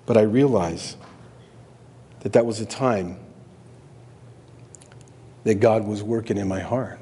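Middle-aged pastor preaching in a reverberant hall. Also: male voice, lively intonation, moderate pace, pauses often, warm tone, slightly rough. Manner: conversational, acts out quoted voices with big pitch jumps. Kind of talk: sermon with scripture reading. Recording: long reverb of a large hall.

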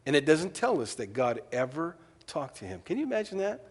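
A man preaching a sermon as pastor, telling stories with lively quoted asides and shifting between loud and soft delivery. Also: on the high side, a little fast, husky, long reverb tail. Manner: storytelling, animated asides and quoted voices.

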